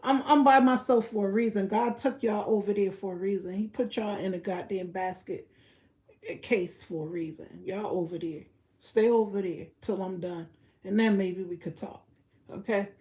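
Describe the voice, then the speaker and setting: A young woman giving blunt, profane gossip commentary on a live stream, repeating her points and breaking into loud laughter. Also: medium pitch, normal speed. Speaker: livestreamer.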